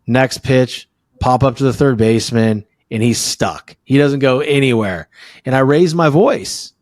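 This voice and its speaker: Animated male podcast host, dry sound. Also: mid-range voice, no room sound. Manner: animated storyteller, talks fast in bursts. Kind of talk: casual conversational interview.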